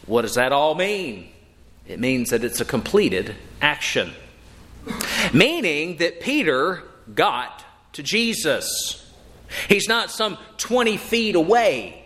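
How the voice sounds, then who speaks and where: A man preaching a sermon with emphatic, dramatic delivery, slowing on key phrases and rising sharply for emphasis. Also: on the high side, a bit bright. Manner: dramatic, emphatic delivery with slow drawn-out phrases and sudden rises. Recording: long hall reverb.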